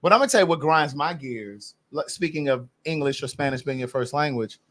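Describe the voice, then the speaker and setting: Sassy, opinionated male co-host, high voice. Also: animated, brisk, fairly bright tone. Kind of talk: casual chat.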